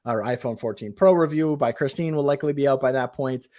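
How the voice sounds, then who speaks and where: A man's voice: mid-range voice, fast, dark tone, a little hiss or hum. Chatty male podcast host. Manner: chatty, many fillers. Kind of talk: casual chat.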